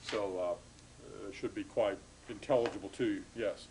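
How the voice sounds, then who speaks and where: A man's voice: lowish voice, fairly even intonation, measured pace, background noise. A man giving a classroom lecture to students, explaining patiently with frequent hesitations and restarts.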